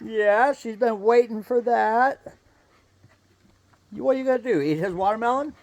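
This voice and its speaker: A man chatting casually to his viewers and coaxing his pet goose along in a gentle way. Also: extremely high pitch, unhurried, no echo. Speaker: vlogger and pet goose owner. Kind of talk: casual chat to camera and pets.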